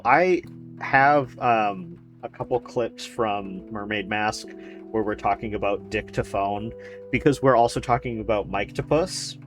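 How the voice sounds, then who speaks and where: A man streaming a video game with loose, rambling commentary, full of jokes, swearing and laughter. His voice sits somewhat low, with faint music playing behind him. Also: a bit bright. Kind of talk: casual let's-play commentary.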